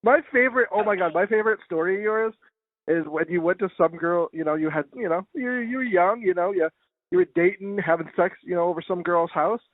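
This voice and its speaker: A man co-hosting a podcast, telling crude stories haltingly with many fillers. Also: high voice, no echo. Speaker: podcast co-host. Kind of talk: crude casual chat. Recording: dry, phone-like sound.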